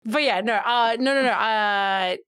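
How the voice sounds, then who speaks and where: A woman's voice: on the high side, a little slow, a bit bright, smooth. An Australian woman co-hosting a podcast, telling stories in casual chat with lots of laughter and blunt teasing. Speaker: podcast co-host.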